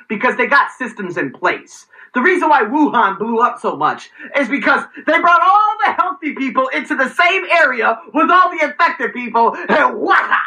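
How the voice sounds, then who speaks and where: A man rants to his viewers in a sarcastic, profanity-laced vlog. His voice is bright and cutting and swings widely in pitch. He jumps from loud outbursts to low asides. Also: rough recording. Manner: profane, sarcastic, animated, heated. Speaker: vlogger. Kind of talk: ranting vlog commentary.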